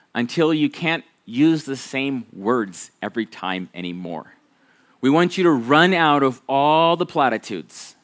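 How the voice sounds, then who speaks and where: A man's voice: on the high side, a bit bright. A man, a pastor, preaching a sermon in a conversational, folksy storytelling manner with frequent restarts.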